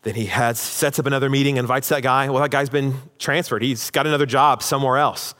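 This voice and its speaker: A man's voice: mid-range voice, fairly even intonation, a little fast, a bit bright. A man preaching a sermon to a congregation, emphatic, acting out quoted lines. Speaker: pastor. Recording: long hall reverb.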